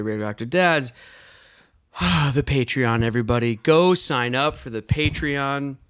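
A man in his thirties co-hosting a podcast, telling a funny story with lots of laughter and acted-out voices. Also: medium pitch. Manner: animated storyteller, laughs often, acts out voices. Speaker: podcast co-host. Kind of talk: casual comedic chat.

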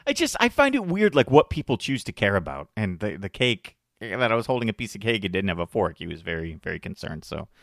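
A man in his thirties tells a story in a loose, chatty way, and his pitch swings widely as he acts out the other people in it. The recording is dry and close, with almost no room sound. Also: quick pace, gravelly, hardly any pauses, no room sound. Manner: animated, acts out quoted voices. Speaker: podcast host. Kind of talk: casual storytelling chat.

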